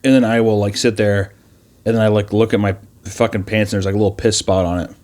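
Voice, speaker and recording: A man's voice: lowish voice, fairly even intonation, fast talker, a little mellow. A young man co-hosting a casual podcast, teasing the others and rambling with frequent restarts and swearing. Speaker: podcast co-host.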